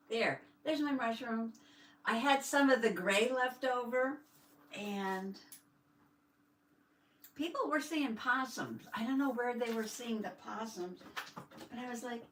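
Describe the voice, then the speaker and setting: A woman's voice: a little high, a little slow, pauses often, a bit bright. An older woman hosting a casual live journaling stream, chatting with viewers and greeting them with a folksy "howdy". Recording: echoey room, mic at a distance.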